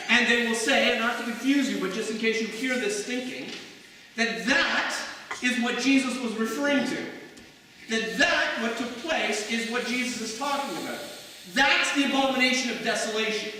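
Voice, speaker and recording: With a very high, bright, forceful voice at a moderate pace, a Canadian pastor preaches to his congregation in a church sanctuary. He talks conversationally and throws in rhetorical asides. The recording, made from far off in an echoey church hall, has a little hiss or hum.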